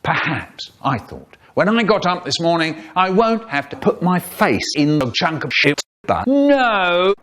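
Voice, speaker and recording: Guy telling funny stories, higher voice, swoops up and down a lot, does all the voices. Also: measured pace. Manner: animated, acts out voices and sound effects. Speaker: storyteller. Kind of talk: comic storytelling, spliced remix.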